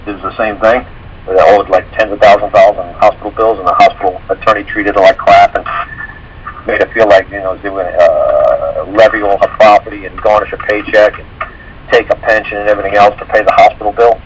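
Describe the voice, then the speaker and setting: Man, low voice, rambling storyteller, acts out quotes, faint background noise. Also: steady tone, fast talker. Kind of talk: casual call-in radio talk.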